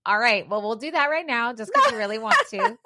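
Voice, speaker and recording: A woman co-hosting a podcast in casual chat, teasing her partner with quick, animated reactions. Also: high voice, vocal fry, no room sound, clean studio sound. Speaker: podcast co-host.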